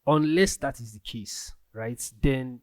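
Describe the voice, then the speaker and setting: A man's voice: mid-range voice, slow pace, dry recording. Rambling Nigerian man, dry close sound. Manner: rambling, loose, full of restarts and "like". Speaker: podcast host. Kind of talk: casual solo podcast monologue.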